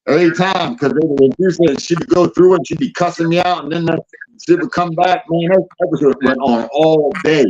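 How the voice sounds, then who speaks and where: A man's voice: fairly high pitch, brisk, a little mellow. Slangy joking man on a dull line. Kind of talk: casual chat.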